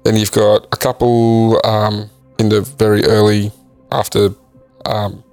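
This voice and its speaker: A man co-hosting a casual podcast, reading facts from a list in a halting way with frequent ums. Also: lowish voice, monotone, darkish tone, faint music behind. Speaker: podcast co-host. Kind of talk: casual chat.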